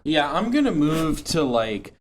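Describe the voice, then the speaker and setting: A man's voice: fairly high pitch, very animated, unhurried, a little hiss or hum. A young man co-hosting a casual podcast chat, laid-back and rambling. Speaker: podcast co-host.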